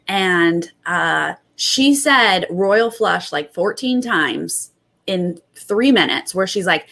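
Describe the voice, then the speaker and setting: A young adult woman hosting a casual recap, retelling events in animated bursts and quoting others. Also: lowish voice, slow pace, vocal fry. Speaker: host.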